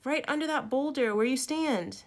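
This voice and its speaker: A woman voicing a frightened little girl trapped in a cave, wailing and pleading in a high voice. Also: moderate pace, close to an everyday voice.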